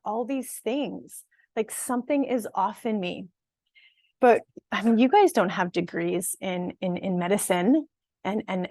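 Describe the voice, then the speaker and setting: A fitness and nutrition coach gives an online workshop talk in a medium-pitched voice, recorded dry. She's warm and encouraging, chatting conversationally, laughing now and then and often checking in with "right?" and "okay?".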